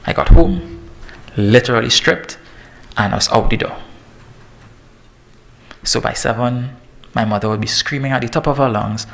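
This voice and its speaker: A man in his thirties, a fitness trainer giving a lively, joking talk to parents. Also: mid-range voice, normal speed, vocal fry, long pauses. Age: 30s. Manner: lively and joking, laughs at himself. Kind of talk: presentation to parents.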